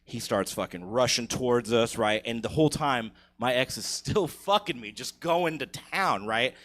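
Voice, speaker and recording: A young man telling a profane, animated story on a comedy stage, laughing at his own jokes. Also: mid-range voice, moderate pace. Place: live comedy theater stage.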